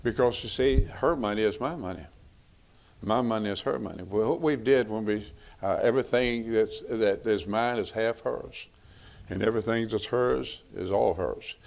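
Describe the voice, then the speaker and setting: A middle-aged man delivers a sermon in a folksy, conversational manner, often repeating himself for emphasis. His voice sits low and carries a gravelly rasp. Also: normal speed, darkish tone. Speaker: preacher. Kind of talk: sermon on marriage.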